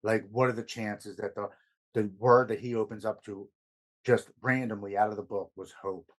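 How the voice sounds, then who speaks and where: A man on a podcast, casually telling a personal story with lots of quoted back-and-forth, earnest and dropping softer at heavy moments. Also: fairly low pitch, steady tone, normal speed. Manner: retells events with much quoted dialogue. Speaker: podcast guest.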